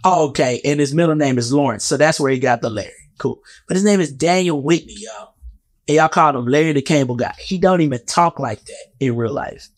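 A man's voice: on the high side, brisk, no echo. A man giving a heated, profane, rambling commentary rant in a casual vlog.

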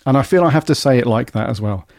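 A man hosts a relaxed fan podcast, chatting cheerfully with casual slang. His voice is mellow and warm, recorded close with a dry sound. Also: medium pitch, fast, no room sound. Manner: chatty, upbeat British slang. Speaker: podcast host.

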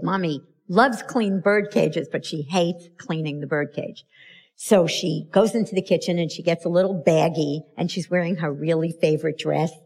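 A woman's voice: on the low side, gravelly, dark tone, breathy edge. A middle-aged woman giving a talk on parenting to an audience, telling stories and acting out the quotes with emphasis. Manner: storytelling, emphatic, acts out quotes. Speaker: parenting speaker.

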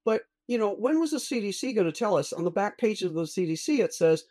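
A woman's voice: medium pitch, sing-song, fast, warm tone, no room sound. A woman physician talking as a guest in a casual discussion, blunt and emphatic.

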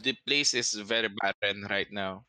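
A man narrating a tabletop game as game master, in a measured, descriptive way. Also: on the low side, bright, forceful tone, smooth, no room sound.

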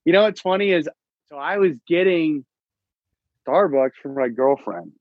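A man's voice: fairly high pitch, animated, moderate pace, no echo. Young man, rambling storyteller, casual swearing, dull muffled audio, dry close sound. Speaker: podcast guest, comedian. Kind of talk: casual chat.

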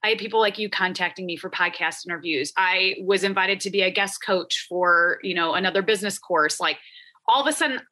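Bright chatty woman, podcast guest. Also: on the low side, fairly quick. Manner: chatty, frequent "like" fillers. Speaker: podcast guest, productivity coach. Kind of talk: casual podcast interview.

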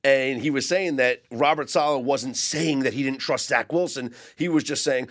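A man's voice: medium pitch, moderate pace, hardly any pauses, a bit bright. A man on a sports betting podcast, casually recounting football news in detail.

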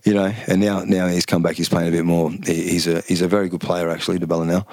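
A man's voice: low voice, quick pace, no room sound. An Australian man in his fifties, a former fighter, talking casually and at length as an interview guest, acting out quotes as he tells stories. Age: 50s. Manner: rambling, animated storyteller who acts out quotes. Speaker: guest, former kickboxing champion.

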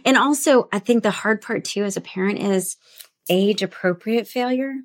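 A woman guest author in a relaxed interview, telling anecdotes in an animated, conversational way. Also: medium pitch, normal speed. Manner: animated, tells anecdotes with tag questions. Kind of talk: conversational storytelling.

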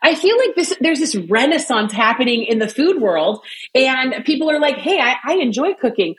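Bubbly chatty woman, fairly high voice. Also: sing-song, a bit bright, poor audio. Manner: bubbly storyteller, quick asides, frequent laughs. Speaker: cooking guest. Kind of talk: casual chat.

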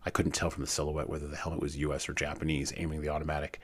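A man reading a war memoir aloud in a measured way with dramatic pauses, then commenting on it. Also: extremely low pitch, level tone. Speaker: reader and commentator.

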